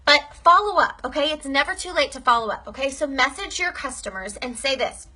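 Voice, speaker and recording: A woman's voice: high voice, animated, fairly quick, few pauses, bright, forceful tone. A young woman giving a casual training talk to her sales team, upbeat and chatty, often checking in with "okay?".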